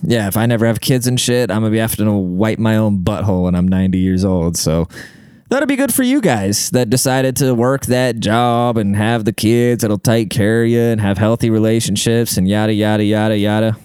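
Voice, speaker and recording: A man's voice: lowish voice, brisk, darkish tone, smooth, no echo, studio quality. A man rambling through a casual comic monologue, profane and self-deprecating, full of fillers. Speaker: comedian and podcaster.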